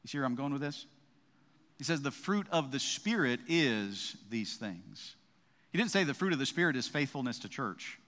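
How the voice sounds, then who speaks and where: A man's voice: fairly high pitch, a bit bright. A man preaching a sermon as a pastor, in a conversational style with frequent "right?" asides and restarts. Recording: long reverb of a large hall.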